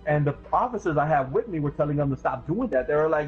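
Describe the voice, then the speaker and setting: A young man hosting a casual podcast talk, telling animated stories and saying bro a lot. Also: a little high, fast talker, slightly rough. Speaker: streamer and podcast host. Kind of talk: casual chat, storytelling. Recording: dull lo-fi stream audio. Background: faint music.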